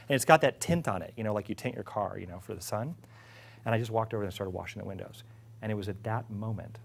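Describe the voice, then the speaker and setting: A middle-aged man, an executive, telling a casual story about his career. He is lively, laughs often and acts out what others said. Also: on the low side, slight background noise. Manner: animated, laughing, acts out quotes. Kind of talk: casual anecdote.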